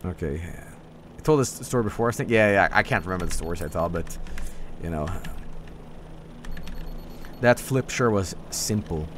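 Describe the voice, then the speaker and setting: Male game streamer, low but animated voice, profane, easily startled, loose casual chatter. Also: normal speed, pauses often, slight background noise. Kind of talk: casual gameplay commentary.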